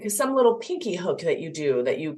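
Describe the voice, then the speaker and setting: A woman guest expert explaining attachment in an interview, animated and acting out little examples. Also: sits low, a little fast. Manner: animated, acts out examples in voices.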